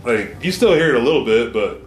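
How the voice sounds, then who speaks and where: A man co-hosting a casual podcast, loud and joking, swearing freely as he banters. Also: mid-range voice, lively intonation, fairly quick, echoey room, soft background music. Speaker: podcast co-host. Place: home garage.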